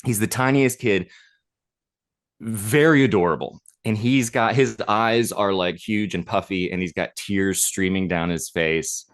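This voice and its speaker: A man's voice: on the low side, unhurried. A man co-hosting a podcast, telling a long anecdote in a casual, rambling way with lots of fillers. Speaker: podcast co-host. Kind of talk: casual storytelling chat.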